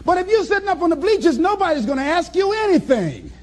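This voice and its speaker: Male motivational speaker, very high lively voice, preacherly, playful asides. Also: fast. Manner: animated, preacherly, acts out voices and chuckles. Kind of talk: motivational speech to an audience.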